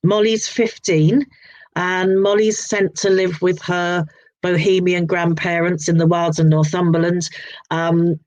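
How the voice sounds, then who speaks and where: A woman's voice: lowish voice, fairly even intonation, measured pace, a little mellow, lo-fi sound. Rambling southern English woman in her sixties. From southern England. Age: 60s. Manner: rambling, frequent restarts and repeated words. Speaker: author guest. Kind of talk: casual interview chat.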